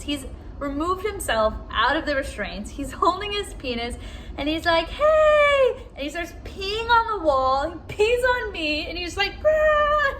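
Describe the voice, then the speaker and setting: A woman's voice: high voice, bright, forceful tone, slight background noise, rough recording. A young woman, a registered nurse, telling a funny work story in a chatty, giggly way, acting out the voices. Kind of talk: casual anecdote.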